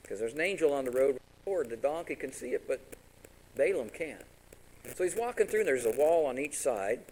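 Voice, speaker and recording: A man's voice: mid-range voice, normal speed, rough recording. A man preaching a sermon, retelling a story with acted-out voices and questions to the congregation. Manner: animated, acts out each character's lines in the story.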